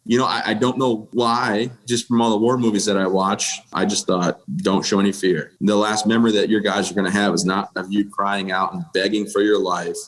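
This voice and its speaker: A man's voice: fairly low pitch, flat delivery, fairly quick, hardly any pauses, rough recording. A man in his thirties from the United States, a military veteran guest telling his personal story in a podcast interview in a plain-spoken, matter-of-fact way with dry self-deprecating humor.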